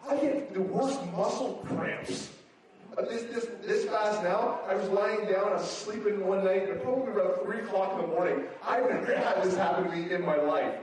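A man preaching a sermon as pastor, telling stories and acting out his own reactions with energy. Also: high-pitched. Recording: very echoey hall, mic far off.

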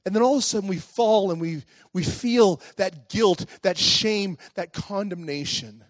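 High-voiced male pastor preaching. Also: unhurried, dry recording. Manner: conversational preaching with rhetorical questions. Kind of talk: sermon.

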